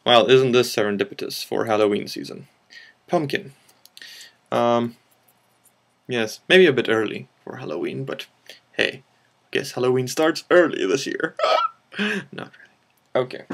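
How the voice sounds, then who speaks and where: A man's voice: medium pitch, animated, unhurried, vocal fry, pauses often. A man hosting a storytelling video, improvising a silly tale in a playful made-up mixed accent and rambling along with self-mocking asides.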